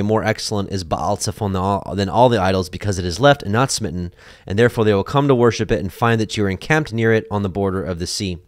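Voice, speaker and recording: A man giving casual bible teaching, animated, acting out people's voices with lots of fillers. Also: fairly low pitch, no echo, clean studio sound.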